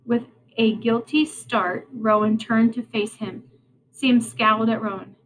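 A woman teacher reading a novel aloud to her class, unhurried and plain, with small slips and restarts. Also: on the high side, fairly even intonation, fairly bright tone, slight background noise, rough recording.

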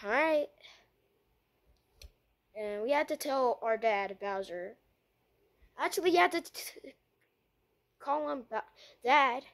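A woman performs a homemade skit, jumping excitedly between characters. Her high voice swoops up and down, and she takes her time, tripping over restarts as she goes. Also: slow, pauses often. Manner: stammering restarts.

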